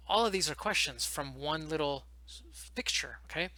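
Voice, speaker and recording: Fast-talking man coaching new teachers. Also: a little high, pushed and bright. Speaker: online ESL teacher giving advice. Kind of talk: casual advice video. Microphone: headset.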